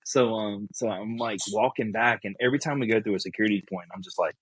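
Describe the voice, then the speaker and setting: Guy with a husky voice telling a wild story on a podcast, dry close sound. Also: fairly low pitch, fast, no echo, low-quality recording. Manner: animated storyteller, acts out voices in quotes. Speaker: podcast guest. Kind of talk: casual storytelling.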